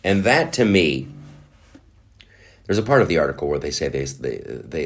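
Deep-voiced, animated ranting man. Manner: animated, sarcastic, swears, puts on quick voices. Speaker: podcast host. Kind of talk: ranting commentary.

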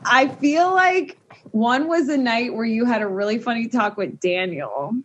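A woman co-hosting a podcast, animated and enthusiastic in casual chat, laughing often. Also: a little high, a little slow, slight background noise. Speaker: podcast co-host. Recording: dull lo-fi recording.

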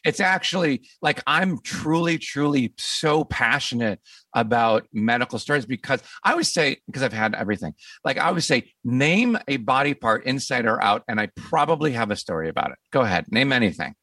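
A man's voice: mid-range voice, sing-song, fairly quick, pushed and bright, dry recording, recorded from a distance. A man hosting a podcast, chatting casually and enthusiastically, often repeating words as he rambles. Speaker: podcast host. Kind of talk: casual interview chat.

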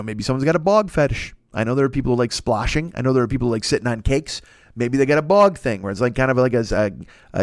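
Fast-talking profane comic man. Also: mid-range voice, no room sound, studio quality. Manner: profane, riffing, mock-ranting with put-on voices. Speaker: comedy podcast host. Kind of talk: rambling comic monologue.

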